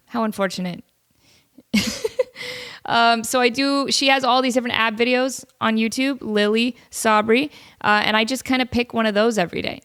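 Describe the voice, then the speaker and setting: A woman's voice: mid-range voice, fairly bright tone, clear, resonant tone. A woman hosting a casual solo podcast from home, chatty and self-deprecating, with a cold. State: has a cold, sniffly. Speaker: podcast host.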